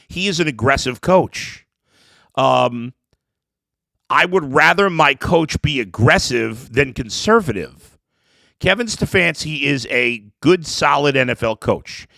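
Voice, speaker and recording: A man's voice: on the high side, gravelly, bright, forceful tone, no echo. A man hosting a sports podcast, talking through an emotional, rambling opinion monologue with lots of restarts.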